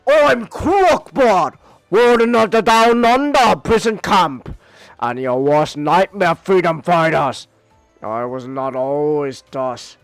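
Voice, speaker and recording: A man's voice: sits high, animated, slow pace, no room sound, soft background music, exaggerated voice. A man voicing a boastful male robot crocodile prison warden in a comic read aloud on stream. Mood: gloating. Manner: gloating villain monologue read aloud.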